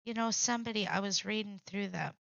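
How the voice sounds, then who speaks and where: Middle-aged woman, live-stream host, bright tense tone, dull lo-fi dry sound. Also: medium pitch, a little fast, creaky, dry recording. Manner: chatty, talks to viewers by name. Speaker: livestream host. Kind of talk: casual live-stream chat. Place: home craft room.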